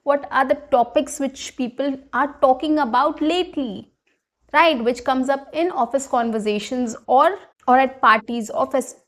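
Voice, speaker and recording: A woman's voice: sits high, normal speed. A woman giving a casual spoken lesson, coaching viewers in a chatty way and often checking in with "right?". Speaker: English teacher. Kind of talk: spoken English lesson to camera.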